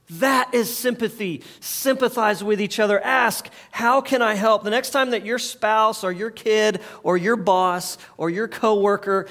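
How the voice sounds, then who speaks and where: High-voiced man preaching conversationally. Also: a bit bright. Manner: conversational preaching, leads the audience in call-and-response. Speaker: pastor. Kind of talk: sermon.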